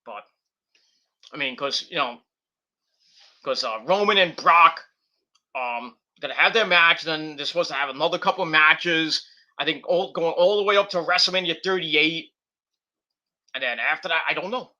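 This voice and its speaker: Male host, casual predictions chat, bright and high-ish voice, rambles and curses freely. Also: moderate pace, long pauses, highs cut off. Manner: rambling, off-the-cuff, with cursing and mocking nicknames.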